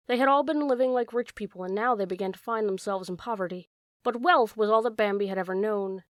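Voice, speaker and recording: A woman narrates a classic storybook in a calm, measured reading voice. Her pitch sits in the middle, and the recording is close and dry. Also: no room sound. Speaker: audiobook narrator.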